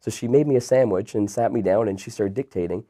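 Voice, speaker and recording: A Canadian man in his thirties, a guest entrepreneur telling his story in a relaxed, rambling interview style. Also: on the low side, quick pace. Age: 30s. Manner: relaxed, rambling with many fillers and restarts.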